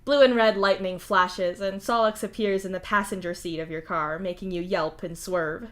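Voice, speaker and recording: A woman reading fan fiction aloud in a steady, wry second-person narration. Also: medium pitch, moderate pace. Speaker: fanfic reader.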